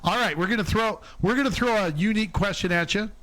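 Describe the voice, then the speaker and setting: A man's voice: high-pitched, fast, fairly bright tone, dry recording. A man co-hosting a podcast in casual chat, self-deprecating and prone to stammering restarts. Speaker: podcast co-host.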